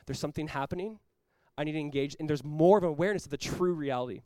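A pastor preaching a sermon in a quick, rushing delivery, his voice sitting a little high for a man. He is earnest and emphatic, doubling words as he presses each point home. The sound is close and dry. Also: dark tone, no room sound, poor audio. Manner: acts out short quoted voices.

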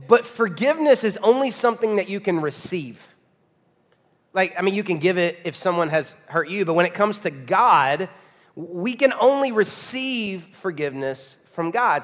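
High-voiced pastor preaching in a hall. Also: male voice. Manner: lively storytelling with laughs. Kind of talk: sermon. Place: church sanctuary. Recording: long church reverb.

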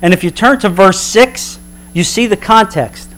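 A man preaching a sermon as a pastor, emphatic, slowing down for dramatic weight. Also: high-pitched, fairly bright tone.

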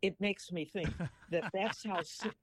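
With a high voice and no room sound, an unhurried Missouri man in his eighties chats folksily. His old joke builds toward a closing moral.

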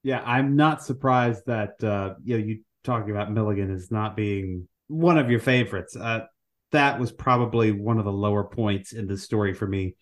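A man co-hosting a casual podcast, relaxed and wry. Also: lowish voice, moderate pace. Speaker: podcast co-host. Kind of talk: casual comics podcast chat.

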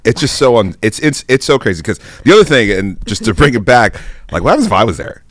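A man's voice: mid-range voice, big pitch swings, quick pace, fairly bright tone, no room sound, clean studio sound. A man, a podcast co-host who chats in a laid-back way and chimes in with short asides. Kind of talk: casual chat.

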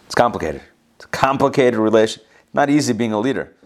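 A man's voice: mid-range voice, expressive, fast talker. A man teaching a Bible passage, reading verses aloud and breaking in with casual explanations and asides. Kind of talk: reading scripture with commentary.

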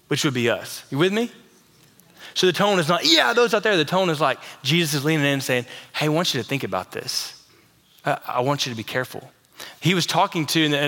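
A male pastor preaching a sermon, swinging between impassioned, emphatic peaks and a soft, close, confiding tone. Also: fairly high pitch. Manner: drops to soft, intimate tone for Jesus' warnings.

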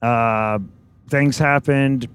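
A man hosting a podcast, chatting casually and jokily with a guest and firing off quick questions. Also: medium pitch, fairly even intonation, clean tone. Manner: chatty, jokey, asks lots of quick questions. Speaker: podcast host. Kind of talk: casual interview chat.

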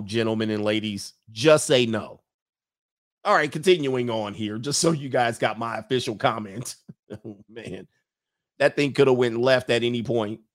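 A man hosting a livestream, giving blunt, slang-heavy opinions on viewer comments and laughing between his points. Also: mid-range voice.

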